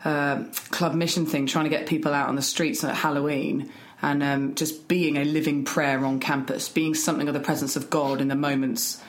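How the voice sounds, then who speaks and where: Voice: mid-range voice, flat delivery. Encouraging podcast co-host. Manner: encouraging, quick interjections. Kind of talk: casual podcast conversation.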